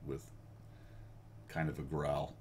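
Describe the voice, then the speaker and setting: A man's voice: extremely low pitch, level tone, takes it slowly, a little mellow. An American man hosting a casual chat with viewers, rambling and self-deprecating and laughing often. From United States. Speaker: host.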